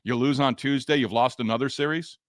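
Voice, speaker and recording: A man's voice: mid-range voice, steady tone, a little fast, no room sound, studio quality. A man hosting a sports podcast, reading listener comments in a frustrated, sarcastic, rambling way. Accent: Boston. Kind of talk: casual sports podcast talk.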